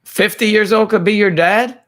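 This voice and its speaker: A man's voice: sits high, normal speed, fairly bright tone. A man hosting a casual livestream chat, playful and teasing, greeting viewers by name. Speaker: livestream host.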